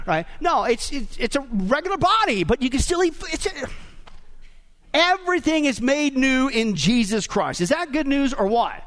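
A man preaching a sermon as pastor, animated and humorous, tossing questions out to the congregation. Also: extremely high pitch, a little fast. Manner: call-and-response questions to the congregation.

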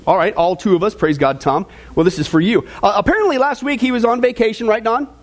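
A man's voice: high voice, fast. A man preaching as pastor, joking with the congregation and talking to them directly. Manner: joking, lively, talks to the audience. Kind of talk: sermon with jokes.

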